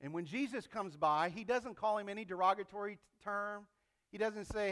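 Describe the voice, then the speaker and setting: Bright, high-voiced male preacher. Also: normal speed. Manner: animated, acts out quoted voices. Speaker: pastor. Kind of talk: sermon.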